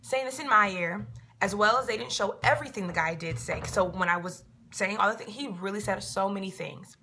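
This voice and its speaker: A woman's voice: medium pitch, a little fast, bright, forceful tone, slight background noise. A woman in a casual to-camera vlog, a reality show cast member answering viewers in an emphatic, repetitive way. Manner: emphatic and repetitive, filling gaps with "da da da".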